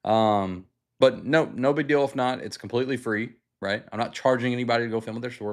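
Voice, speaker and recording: A man's voice: medium pitch, fairly quick. Casual young man telling a story. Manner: animated, acts out quotes, lots of fillers and swearing. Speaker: livestream host.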